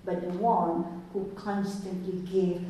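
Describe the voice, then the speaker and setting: Slow, calm woman teaching in echoey room. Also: fairly low pitch, a little hiss or hum. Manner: calm, measured, asks the audience questions. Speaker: spiritual teacher. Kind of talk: slow reflective spiritual talk to a group. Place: room with an audience. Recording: echoey room, distant mic.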